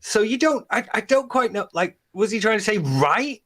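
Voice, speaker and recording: A man's voice: high-pitched, lively intonation, moderate pace, pushed and bright. A man co-hosting a podcast, musing hesitantly in casual chat. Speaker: podcast co-host.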